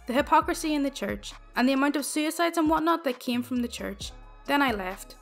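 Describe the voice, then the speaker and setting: A woman's voice: sits high, a bit bright. A woman reading reddit stories aloud in a wry, conversational way. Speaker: reddit story narrator.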